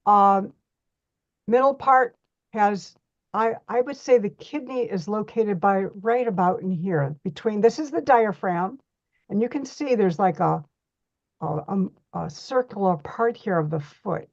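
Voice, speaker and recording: A woman's voice: medium pitch, unhurried, no echo, muffled recording. Chatty woman teaching a reflexology workshop. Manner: chatty, folksy, demonstrating on a model foot.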